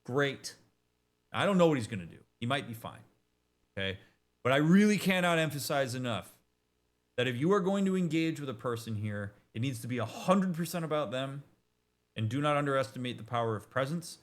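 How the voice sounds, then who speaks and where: Man, therapist, casual commentary, emphatic and direct, mid-pitched voice. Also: expressive. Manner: emphatic, direct, with quick asides and restarts. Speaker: therapist reacting to a game.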